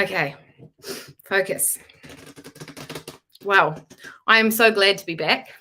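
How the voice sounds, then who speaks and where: Bright-voiced, frank woman reading tarot live. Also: mid-range voice, slight background noise. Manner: chatty, casual and frank, swearing freely. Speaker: tarot reader.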